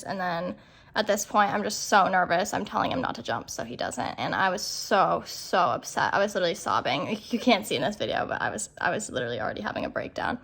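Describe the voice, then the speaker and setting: A woman's voice: medium pitch, creaky, fairly bright tone. A young woman vlogger and rider, talking in a chatty, self-deprecating way with lots of "like". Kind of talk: casual vlog voiceover and on-camera chat.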